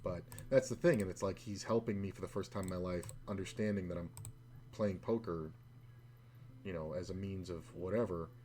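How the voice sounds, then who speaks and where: A man's voice: low-pitched, normal speed, warm tone, a little hiss or hum. A man streaming online poker and telling a rambling, profane story in a casual way. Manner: profane, rambling, full of fillers.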